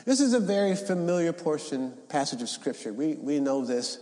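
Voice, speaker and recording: A male pastor delivering a sermon, reading scripture aloud and rising into shouted emphasis. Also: on the high side, sing-song, moderate pace, echoey room, long reverb tail. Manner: preaching, rises to shouts, reads scripture. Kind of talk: Easter sermon. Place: church sanctuary.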